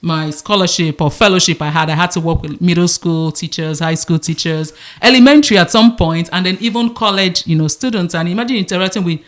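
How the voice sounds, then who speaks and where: A Nigerian woman in her thirties with a Nigerian accent speaks in a lowish voice, fairly fast, with barely any pauses. As a podcast co-host, she tells stories in casual conversation. She's an animated storyteller who slips into Nigerian Pidgin.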